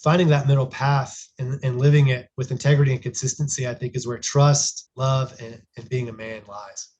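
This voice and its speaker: A man's voice: mid-range voice, steady tone, moderate pace, darkish tone. A man in his thirties, a podcast guest, telling a family story in an earnest, reflective way with frequent restarts. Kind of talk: casual conversational storytelling.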